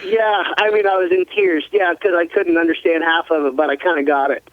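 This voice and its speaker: Brief: high-voiced laughing racer, rambling stories, tinny dry phone line. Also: male voice, brisk, noisy background. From US West Coast. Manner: laughs often, rambling, animated. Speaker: guest, ATV racer. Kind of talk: casual storytelling interview.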